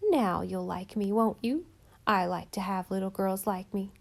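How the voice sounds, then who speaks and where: A woman voicing a chatty, lonely old countrywoman who is hoarse from a cold and rambles in folksy, rustic speech. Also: mid-range voice, steady tone, moderate pace. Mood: folksy chatter. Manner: rambling homespun talk with rustic grammar.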